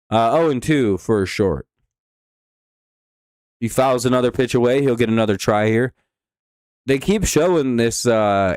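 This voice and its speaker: A man's voice: lowish voice, a little mellow, clean tone, no echo, clean studio sound. A man hosting a live stream, giving rambling, offhand game commentary with casual swearing.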